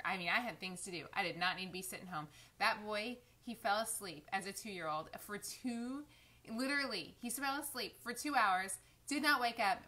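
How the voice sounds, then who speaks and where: A woman, chatting on a live stream and fighting back tears. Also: mid-range voice. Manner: warm, chatty, emotional, addresses viewers as y'all. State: close to tears. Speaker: lifestyle vlogger. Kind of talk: casual live-stream chat.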